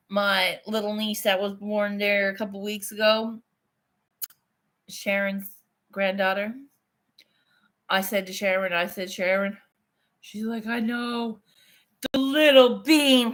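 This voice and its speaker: A woman's voice: medium pitch, steady tone, measured pace, fairly bright tone. A woman in her thirties, chatting casually on a home livestream, swearing and laughing often as she answers her viewers. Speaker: livestream host. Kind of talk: casual livestream chat reading comments.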